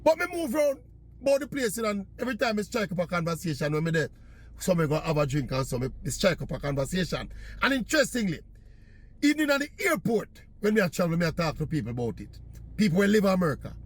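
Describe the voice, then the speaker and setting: A man's voice: high-pitched, sing-song, fast. A man from Jamaica with a Jamaican accent, chatting in patois as he tells a casual story. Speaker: vlogger.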